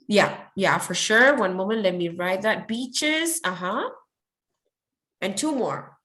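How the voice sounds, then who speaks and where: Casting: woman teacher, encouraging and quick with praise, mid-range voice, runs an online class. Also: medium pitch, animated, fairly bright tone. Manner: encouraging, praises often, switches to Spanish. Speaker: English teacher.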